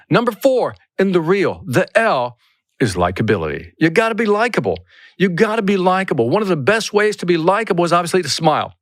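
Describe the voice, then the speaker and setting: Male sales coach host, energetic and emphatic, a bit high-pitched. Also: no room sound, clean studio sound. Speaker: podcast host, sales trainer. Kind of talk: solo podcast talk.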